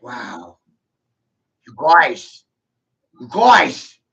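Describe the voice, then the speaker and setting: Brash male vlogger, bright forceful voice, swears freely, slightly high pitch, lo-fi sound. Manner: provocative, laughing often, swearing. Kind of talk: rambling profane monologue.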